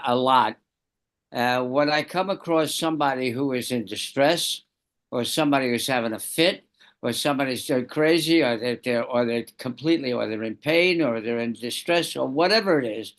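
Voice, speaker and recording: A man calmly sharing a personal practice in a group discussion on a video call, with soft repetition. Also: mid-range voice, normal speed. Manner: calm, softly repetitive. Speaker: study group participant. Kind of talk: casual sharing.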